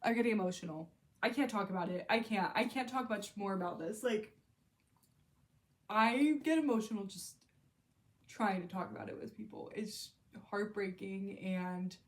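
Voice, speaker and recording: A young woman with a medium-pitched voice talks at a moderate pace in a casual book vlog, gushing emotionally about books she loves. Her monologue is packed with "like," other fillers, and sentences she never quite finishes.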